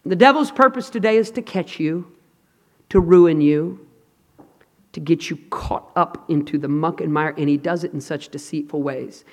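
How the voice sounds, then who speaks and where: Male preacher, high voice, dramatic hushed-to-loud delivery, long hall reverb. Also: normal speed. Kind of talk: sermon. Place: large hall with an audience.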